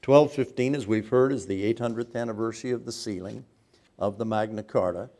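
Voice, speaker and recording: Older American man, low voice, speaking to an audience, anecdotal and wry. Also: fairly quick, a little mellow. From United States. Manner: wry, anecdotal, with asides and self-corrections. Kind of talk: speech to an audience.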